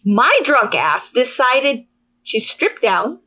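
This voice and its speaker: A woman co-hosting a podcast, telling stories in a casual, animated way with frequent laughter. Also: a little high, slow, muffled recording. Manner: animated storytelling, squealing and laughing often. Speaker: podcast co-host. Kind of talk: casual chat.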